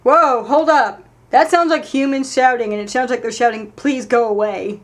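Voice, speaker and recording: A fairly high-voiced woman streaming a game live and talking her way through it. She chats as she goes, swears freely, and jumps from sudden loud outbursts to low muttering under her breath. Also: moderate pace. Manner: chatty, thinks aloud, swears, swings from loud outbursts to mutters. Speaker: let's play streamer. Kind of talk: casual gameplay commentary.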